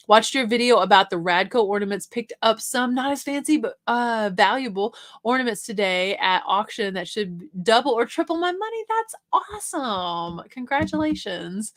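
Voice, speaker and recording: A woman's voice: mid-range voice, a bit bright. A young adult woman hosting a casual livestream, reading viewer comments aloud and chatting back about reselling. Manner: chatty, reads comments aloud and answers them.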